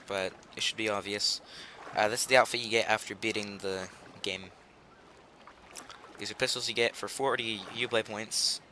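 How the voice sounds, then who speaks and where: A man's voice: on the low side, pushed and bright, slight background noise. A teenage boy casually commentating a video game, rambling, chatty and silly, trailing off mid-sentence. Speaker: gaming channel host. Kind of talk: casual let's play commentary.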